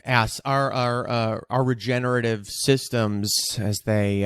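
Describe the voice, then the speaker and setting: A man's voice: medium pitch, fairly even intonation, measured pace, hardly any pauses, clear, resonant tone, no echo, studio quality. A man hosting a podcast, talking candidly and casually, joking one moment and openly emotional the next. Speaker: podcast host.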